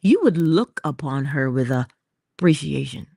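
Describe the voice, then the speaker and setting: A woman's voice: sits low, expressive, unhurried, vocal fry, warm tone, slightly rough, no room sound, clean studio sound. A woman giving a motivational talk in a playful, theatrical manner. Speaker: inspirational speaker.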